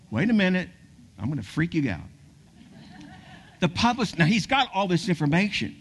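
A man with a fairly high voice preaches a sermon through a lively story. He speeds up and slows down and sometimes falls to a hushed near-whisper to stress a line. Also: breathy edge. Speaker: pastor.

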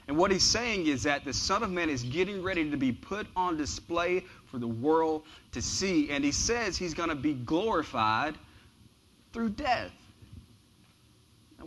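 A man preaching a sermon in a relaxed, conversational way, with emphatic repeated phrases and casual slang. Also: fairly high pitch, slight background noise. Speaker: pastor.

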